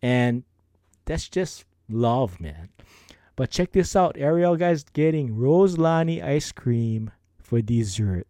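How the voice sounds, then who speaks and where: A man's voice: mid-range voice, lively intonation, slow pace, warm tone, dry recording, clean studio sound. A man with a Hawaiian Pidgin accent, hosting a casual podcast and reading listener emails with a playful, laid-back manner. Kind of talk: casual chat.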